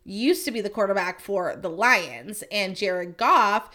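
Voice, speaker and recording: A woman hosting a casual chat show, talking fast and loose with lots of filler words, swinging between excitement and exasperation. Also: mid-range voice. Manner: chatty, filler-heavy "like" talk.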